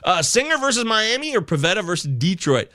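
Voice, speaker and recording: A man hosting a live fantasy baseball chat show, reading viewer comments aloud with excitable, casually profane banter. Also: high-pitched, a little fast, no echo. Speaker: fantasy baseball podcast host.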